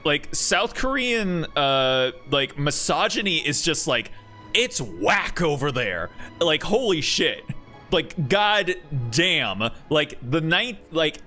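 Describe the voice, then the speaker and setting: Slow, rambling young man streamer. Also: on the high side, pushed and bright. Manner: rambling, laid-back, with many fillers and restarts. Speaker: game streamer. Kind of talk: casual chat while gaming.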